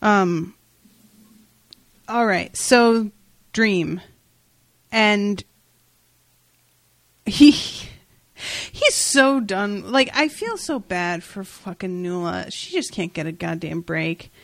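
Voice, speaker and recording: A woman co-hosting a casual comic-book podcast, recapping a story in an animated way with frequent swearing and laughter. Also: mid-range voice, very slow, long pauses, dry recording. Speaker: podcast co-host.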